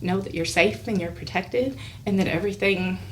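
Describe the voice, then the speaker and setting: An animated woman telling a rambling personal story on a podcast. She voices the other people in it, laughs easily and sometimes sounds close to tears. Her voice sits in the middle of the range and comes from slightly off the mic. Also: medium pitch, moderate pace. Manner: animated, acts out quoted dialogue, laughs often; emotional, close to tears at times. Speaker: podcast guest. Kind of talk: casual storytelling. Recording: voice a bit far from the mic, faint hiss.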